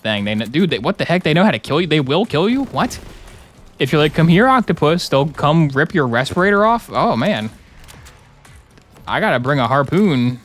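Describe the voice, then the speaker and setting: A man's voice: mid-range voice, fairly bright tone. A young man joking and rambling through casual commentary while streaming a game. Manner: joking, rambling, playful asides.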